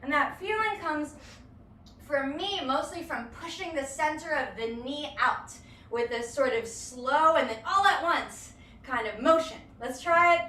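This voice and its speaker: High-voiced woman counting dance steps. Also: a little slow, bright, forceful tone, far from the mic, a little hiss or hum. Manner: counts beats aloud, playful and encouraging. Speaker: dance instructor. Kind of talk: live-streamed dance lesson. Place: home or studio room. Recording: echoey room, voice from afar.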